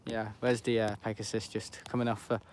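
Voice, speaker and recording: A man's voice: lowish voice, flat delivery, brisk, crowd noise. A man giving rambling, chatty live commentary while planespotting outdoors beside an airport, often correcting himself. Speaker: planespotting livestreamer.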